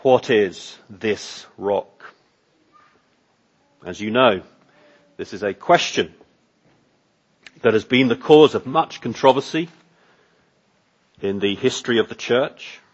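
Husky male pastor preaching slow and emphatic, kinda dull lo-fi sound. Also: mid-range voice. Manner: slow, emphatic preaching with rising repeated phrases. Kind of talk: sermon.

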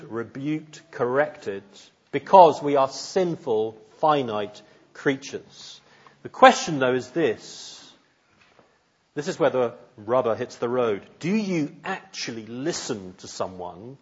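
A man's voice: mid-range voice, slightly rough, highs cut off. A man preaching a sermon in an earnest, searching way, putting pointed questions to his listeners.

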